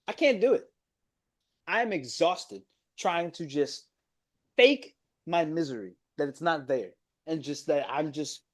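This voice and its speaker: A young man, ranting about his football team on a casual reaction stream, exasperated and dramatic. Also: a little high. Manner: exasperated, ranting, swings from mumbled gloom to loud outbursts.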